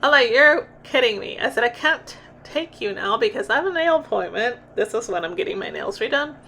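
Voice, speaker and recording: A woman's voice: a little high, expressive, brisk, gravelly, a bit bright, slight background noise. A middle-aged woman, chatting casually in a vlog, laughing often and breaking off mid-sentence. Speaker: vlogger.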